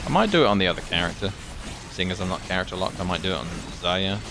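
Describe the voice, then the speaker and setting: A man giving casual live commentary as he plays a video game, thinking aloud with excitable outbursts. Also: low voice, fast, creaky, noisy background. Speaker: gaming channel host.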